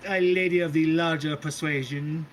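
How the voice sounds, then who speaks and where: A man's voice: on the high side, fairly even intonation, moderate pace, slight background noise, close to an everyday voice. A man voicing a flamboyant, hot-tempered mother goddess who gushes, swears and calls everyone darling. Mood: doting.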